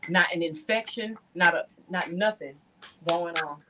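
Animated woman telling her story on a call. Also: fairly low pitch, a little slow, noisy background. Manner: animated storyteller, addresses viewers as y'all. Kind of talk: casual testimony to an online audience. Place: home, on a video call.

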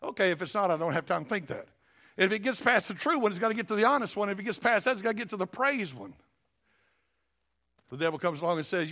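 A high, gravelly-voiced man preaching in a folksy, emphatic style. He speaks with a drawl and often repeats himself for effect. He sounds middle-aged. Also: expressive, quick pace, a bit bright. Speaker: pastor. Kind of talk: sermon.

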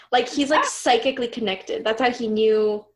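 Young woman reading some story and roasting it, sarcastic, bit high-pitched. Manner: sarcastic, chatty and amused. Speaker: co-host reading a fan story aloud. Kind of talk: comedic dramatic reading with commentary.

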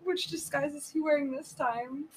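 High-voiced woman chatting casually, off-mic. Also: moderate pace, recorded from a distance, poor audio. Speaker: podcast guest. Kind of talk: casual chat.

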